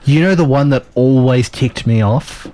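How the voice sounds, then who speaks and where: A man's voice: medium pitch, moderate pace, dark tone. A man co-hosting a late-night radio show, chatting wryly and drifting into tangents. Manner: wry, chatty, tangent-prone. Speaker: radio co-host. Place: radio studio.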